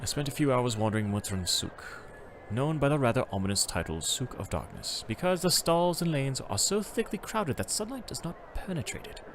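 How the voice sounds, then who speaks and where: A man streaming a travel game, reading its text aloud and chatting casually, in an animated, self-correcting way. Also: mid-range voice, fairly quick, slight background noise.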